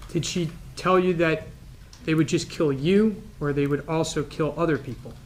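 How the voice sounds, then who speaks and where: Male attorney, higher voice, short and plain courtroom questions. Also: fairly even intonation, normal speed, a little hiss or hum. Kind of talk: courtroom direct examination.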